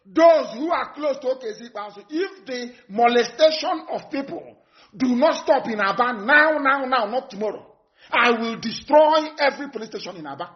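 A man with a notably high voice delivers a live broadcast address. He is stern and repetitive, pressing his warnings home and at times breaking into shouts. The audio is dull and lo-fi. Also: lively intonation, moderate pace. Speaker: activist broadcaster.

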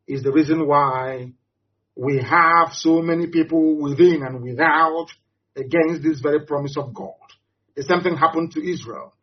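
A man with a Nigerian accent giving an impassioned address, hammering points with repetition and rhetorical questions. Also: a little high. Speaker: political speaker. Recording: dull lo-fi audio.

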